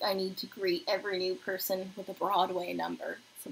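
A young woman hosting a beauty livestream from her apartment, chatting casually while doing her makeup and reading viewer comments aloud, sometimes dropping to a soft murmur. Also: on the low side, flat delivery, fairly quick, creaky, few pauses, slight background noise, low-quality recording. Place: home apartment.

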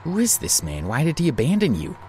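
A man playing a calm, cutting young hero. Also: on the high side, a little fast, faint music behind, pitched above the performer's own voice. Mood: grave.

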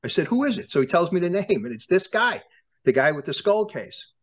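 A man's voice: sits high, a little fast. A man, a former prosecutor telling long stories as an interview guest, acting out the lines of the people in them, with many restarts. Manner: animated storyteller who acts out quoted dialogue, many restarts. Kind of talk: storytelling in a sit-down interview.

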